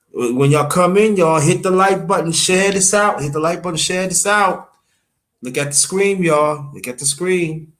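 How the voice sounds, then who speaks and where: A man from Brooklyn, telling a halting, emotional family story on a livestream and thanking viewers by name. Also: a little high, fairly bright tone. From Brooklyn, New York. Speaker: livestream host.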